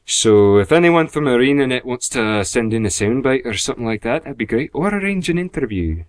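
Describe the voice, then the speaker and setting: A man's voice: medium pitch, very animated, brisk, no room sound, lightly acted. A man putting on a hammy Scottish accent. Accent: put-on Scottish. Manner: reads announcements in a mock accent, stumbling. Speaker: podcast host.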